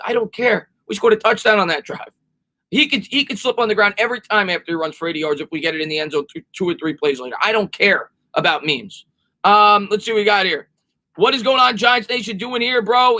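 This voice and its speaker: A man's voice: sits high, sharp tone. A man hosting a live sports stream, chatting casually and answering viewers' comments. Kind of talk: live-stream chat reading.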